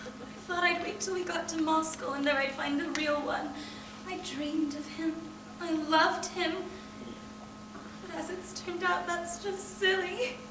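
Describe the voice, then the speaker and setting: A woman's voice: very high-pitched, steady tone, unhurried, background noise. A young actress in her twenties playing a despairing, overwrought young woman in a live stage play, heard from afar. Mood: resigned. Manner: emotional, pleading, breaking into outbursts. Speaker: stage actor. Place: theatre stage. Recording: roomy stage sound from far off.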